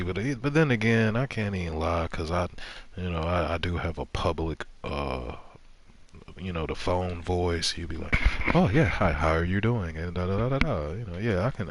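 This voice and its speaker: A man's voice: deep voice, vocal fry, a bit bright, a little hiss or hum. A man streaming a game, telling rambling stories in casual, profane chat.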